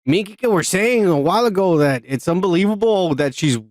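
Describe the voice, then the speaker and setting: A man's voice: high voice, animated, fairly quick, a little mellow, dry recording, studio quality. A man co-hosting a podcast, talking crudely and rambling in casual drunk chat, repeating himself a lot. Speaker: podcast co-host.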